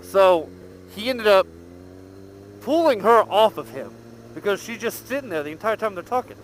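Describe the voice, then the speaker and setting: A man's voice: high voice, moderate pace, a little hiss or hum. A man telling a profane hotel story in a casual vlog, recorded on a helmet mic while out on his motorcycle. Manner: animated, profane, laughing storyteller. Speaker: motovlogger. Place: outdoors riding a motorcycle.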